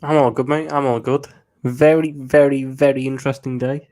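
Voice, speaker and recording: A man's voice: mid-range voice, little pitch movement, moderate pace, darkish tone. A man, a guest on a football show, speaks in a laid-back, casual way. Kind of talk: casual chat.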